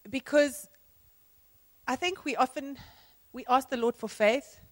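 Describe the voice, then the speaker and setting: A woman's voice: high-pitched, a little slow. A woman sharing an earnest, reflective testimony about a mission trip in church.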